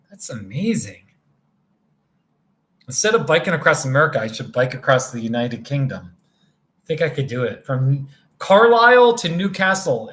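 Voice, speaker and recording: Tired guy on a motel room livestream, slow and rambly, bright voice that jumps all over, chatting with viewers. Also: mid-range voice. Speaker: livestream host reading viewer chat. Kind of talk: casual livestream chat.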